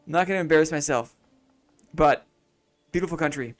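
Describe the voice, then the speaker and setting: A man's voice: fairly high pitch, brisk, pauses often, soft background music. A man streaming a city-building game, thinking aloud in casual commentary, repeating his own phrases and chatting to viewers between moves.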